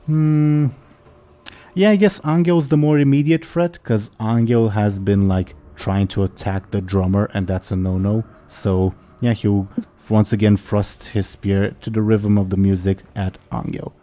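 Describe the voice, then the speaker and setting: A man's voice: on the low side, fairly even intonation, unhurried, warm tone. A man running a tabletop game as game master, narrating with hesitant fillers.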